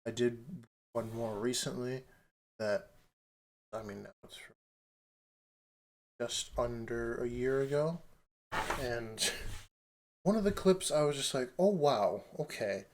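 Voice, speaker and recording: A man's voice: mid-range voice, slow, pauses often. Laughing man telling stories. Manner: animated storyteller, acts out quotes, laughs often. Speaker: podcast co-host. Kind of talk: casual chat.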